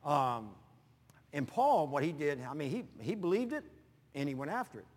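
A man pastor preaching through folksy personal stories, animated and prone to sudden loud bursts. His voice sits fairly high. The long reverb of a large hall trails each phrase. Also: normal speed.

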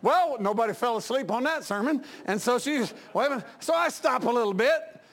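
A male pastor, preaching in a folksy style with anecdotes, swinging between loud outbursts and quiet asides. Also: extremely high pitch, expressive, moderate pace.

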